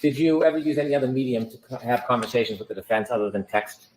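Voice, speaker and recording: A man's voice: mid-range voice, fast talker, darkish tone, slight background noise, low-quality recording. A man cross-examining a witness in court with pointed, pressing questions. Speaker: attorney.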